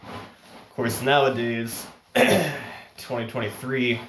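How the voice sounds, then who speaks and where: A man's voice: medium pitch, expressive, slow, a bit bright, slight background noise. A man telling a story in a casual, rambling way. He chuckles often and restarts his sentences, and his nose is running. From United States. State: runny nose. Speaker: vlogger. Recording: roomy echo.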